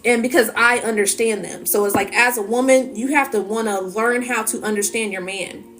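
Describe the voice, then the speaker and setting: A woman's voice: a little high, moderate pace, a bit bright. A woman talking to her viewers as a spiritual energy reader in a casual, emphatic monologue full of "you know" and "so it's like". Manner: emphatic, repetitive fillers.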